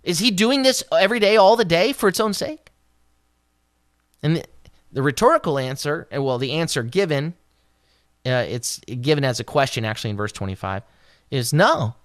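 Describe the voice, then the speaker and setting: A devotional Bible teacher with an expressive delivery who rises in pitch when acting out the words of scripture, then settles back to explain. The recording is dry and close, with no room sound. Hebrew terms are unpacked along the way. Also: normal speed, long pauses, no room sound. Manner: expressive, voices scripture quotes with raised pitch.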